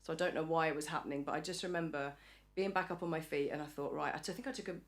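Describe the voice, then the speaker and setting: A woman's voice: low voice, steady tone, rapid-fire. An English woman in a casual podcast interview, chatty and acting out the voices of people she quotes. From England. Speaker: podcast guest. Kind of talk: casual chat.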